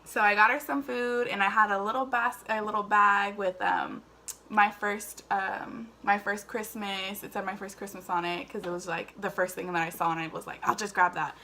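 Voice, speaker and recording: A woman's voice: medium pitch, flat delivery, moderate pace, sharp tone, a little hiss or hum. A woman telling her own story casually to camera, chatty and full of fillers. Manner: chatty, emotional, many fillers. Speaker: vlogger.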